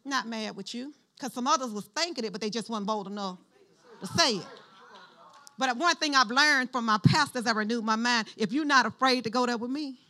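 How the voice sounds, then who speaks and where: A middle-aged woman pastor giving a sermon in an animated, conversational style, calling on the congregation to respond. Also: fairly high pitch.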